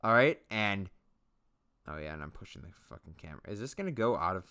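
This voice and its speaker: A man's voice: lowish voice, big pitch swings, fast talker, pushed and bright, clean tone. A man casually narrating his own leatherworking footage, rambling and joking at his own expense. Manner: rambling, self-mocking, jokey asides. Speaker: leatherworking channel host.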